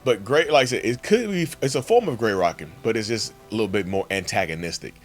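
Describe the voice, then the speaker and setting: A man's voice: on the low side, animated, fast talker, soft background music. A man hosting a casual, emphatic monologue for his channel and addressing viewers directly as y'all. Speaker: channel host.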